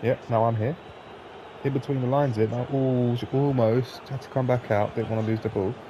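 Excitable sweary gamer man. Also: mid-range voice, normal speed, dull audio, noisy background. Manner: excitable, sweary, swings from shouting to flat grumbling. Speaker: gaming YouTuber. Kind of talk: live gameplay commentary.

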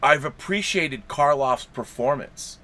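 A man's voice: fairly high pitch, expressive, a little slow, sharp tone. A man hosting a casual chat about a classic film, chiming in with jokey quips. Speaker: podcast host.

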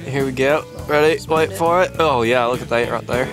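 A man outdoors, loud and playful, showing something off to the camera from a distance. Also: mid-range voice, moderate pace. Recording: distant camera, music under.

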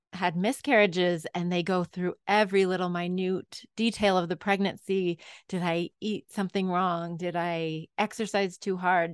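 A woman's voice: lowish voice, clean tone, no room sound, clean studio sound. A woman hosting a podcast, asking empathetic questions and sharing her own experience. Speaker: podcast host. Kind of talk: podcast interview.

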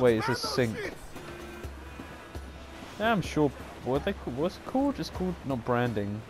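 Brief: young guy, excitable and foul-mouthed, chatting over his gameplay with music behind. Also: medium pitch, moderate pace. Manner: sweary, sarcastic, excitable. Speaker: gaming channel host. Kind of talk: casual game commentary. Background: game music.

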